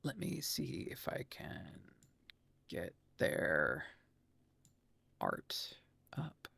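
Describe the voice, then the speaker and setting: A male streamer giving casual gameplay commentary in a gravelly voice. He talks slowly but with a lively, swinging pitch, laughing often and swearing casually. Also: no echo.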